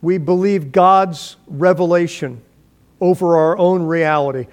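Man, pastor, sermon, fairly high voice, dramatic storytelling, quoted voices acted out. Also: unhurried. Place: church.

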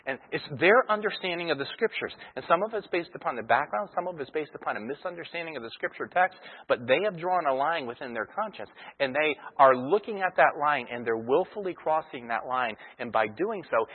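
A man's voice: mid-range voice, husky. A male pastor preaching a sermon in a conversational teaching style, using everyday illustrations, heard over a tinny broadcast line. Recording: tinny phone-like radio broadcast.

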